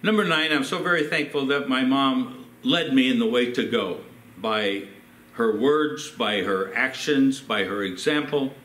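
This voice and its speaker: A man's voice: medium pitch, measured pace, a bit bright. Older man preaching in an echoey church. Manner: storytelling with acted quotes. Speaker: pastor. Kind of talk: sermon.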